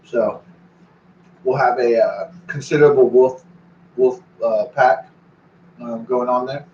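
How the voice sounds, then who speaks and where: A man's voice: medium pitch, fairly even intonation, slow, darkish tone, slight background noise. A man in his forties rambling casually and profanely, breaking off to talk to his dog. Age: 40s. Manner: meandering, profane, talks to his dog between thoughts. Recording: echoey, distant, dull recording.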